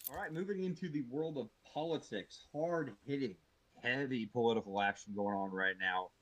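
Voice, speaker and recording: A man's voice: mid-range voice, moderate pace, a little hiss or hum, rough recording. A man co-hosting a comedy podcast, chatting casually with swearing and mock outrage. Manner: animated, profane, mock-outraged. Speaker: podcast co-host.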